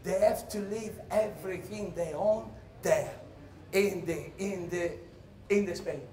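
Animated Italian-accented man telling a comic monologue. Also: unhurried. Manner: animated storyteller, bursts into high shouted cries, laughs through lines. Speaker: stage monologue performer. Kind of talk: comic theatre monologue in English. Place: theatre stage. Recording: roomy hall echo.

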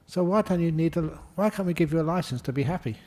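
Mellow-voiced man giving a jokey sermon. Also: fairly high pitch, expressive, fast talker. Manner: jokey, self-deprecating, laughs at own jokes. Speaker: monk giving a dharma talk. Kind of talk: humorous spoken sermon.

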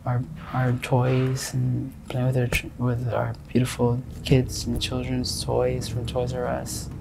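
Man, 20s, interviewee: halting, repetitive storytelling, gravelly tone. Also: mid-range voice, monotone, noisy background. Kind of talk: street interview. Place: outdoors on a city street.

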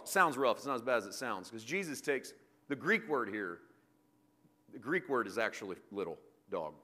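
Guy preaching a sermon, bright edgy voice, goes big then drops to quiet jokes. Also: medium pitch, expressive, moderate pace. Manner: swings from loud emphatic preaching to quiet asides; jokey, self-deprecating with the congregation.

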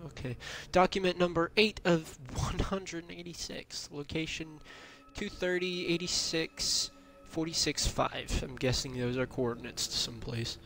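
A man's voice: a little high, fairly bright tone. A young man giving casual, jokey let's-play commentary, chatting to himself as he plays. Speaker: gaming video creator.

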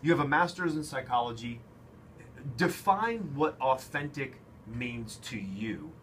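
A man hosting a radio talk show who asks guests questions and reacts in a relaxed, conversational way. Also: medium pitch, measured pace, slight background noise. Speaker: radio host.

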